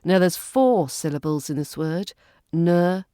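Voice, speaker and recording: British woman, accent coach; lowish voice, unhurried, precise drilling, dry close sound. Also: animated, darkish tone, no echo. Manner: slow, careful drilling of words and phrases. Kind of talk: pronunciation lesson.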